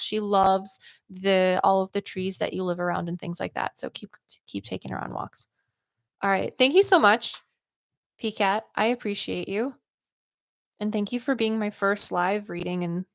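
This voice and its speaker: A woman's voice: medium pitch, a bit bright, dry recording, clean studio sound. Upbeat, chatty woman psychic host. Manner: chatty, rambling, full of "like" and "um". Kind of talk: livestream readings chat.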